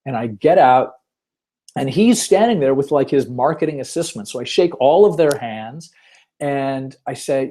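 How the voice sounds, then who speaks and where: A man's voice: medium pitch, lively intonation, normal speed, mellow. A man hosting a casual webinar, chatty and self-deprecating, with lots of fillers as he tells stories. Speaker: webinar host. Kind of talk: casual webinar talk with storytelling.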